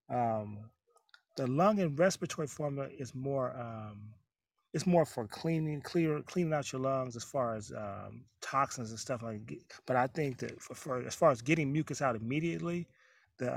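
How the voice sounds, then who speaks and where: A man co-hosting a casual health talk explains things in a measured way with some hesitations. The recording sounds dry and close. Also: mid-range voice, no echo. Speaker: co-host.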